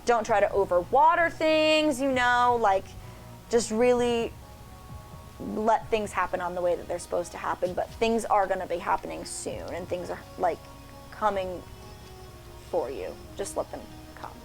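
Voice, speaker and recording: Woman going on about tarot, lots of ums, soft music under her. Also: mid-range voice, normal speed, vocal fry, poor audio. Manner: rambling with many fillers. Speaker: co-host learning tarot. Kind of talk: casual chat explaining tarot.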